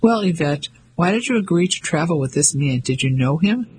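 A man's voice: fairly high pitch, lively intonation, a little fast, breathy edge, poor audio. A man voicing a proper, disapproving English lady who talks in a prim, scolding way.

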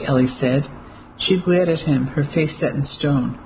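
Measured audiobook narrator, mid pitch, slight noise. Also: darkish tone, low-quality recording. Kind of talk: scripted narration.

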